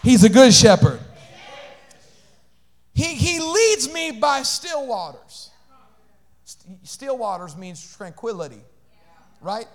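Pastor, male, very high voice; animated sermon delivery, loud shouted peaks dropping to hushed asides. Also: slow, pauses often. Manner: animated preaching, shifts between shouting and hushed asides, call-outs to congregation.

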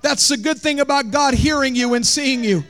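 A male pastor, preaching a sermon that swings from shouted, sung lines to quiet talk. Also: very high-pitched, normal speed. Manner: preaching, shouting and half-singing in rises, then dropping soft.

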